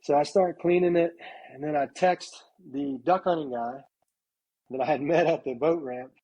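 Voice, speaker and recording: A middle-aged man on a podcast tells a hunting story in a casual, animated way, acting out what each person said. His voice is mellow and dark, with a husky edge. He keeps filling his sentences with "like" as he goes. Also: on the high side, normal speed, muffled recording. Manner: animated storyteller, acts out quotes, heavy use of "like". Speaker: podcast guest.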